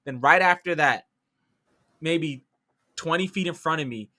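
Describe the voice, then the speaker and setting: A young man from the New York City area, a podcast co-host, telling a story in casual chat, animated and swearing as he acts out his own reactions. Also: a little high, measured pace, dry recording, studio quality.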